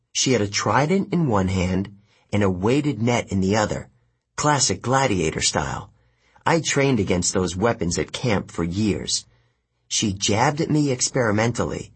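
A man narrating an adventure story in the first person, measured and expressive. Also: lowish voice, breathy edge. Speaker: audiobook narrator.

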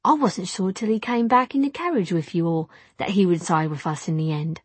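A woman's voice: lowish voice, a little fast, slightly rough, no echo. A woman narrator voicing a young Victorian housemaid who speaks plainly and cries, her voice cracking. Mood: frank, soothing. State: crying.

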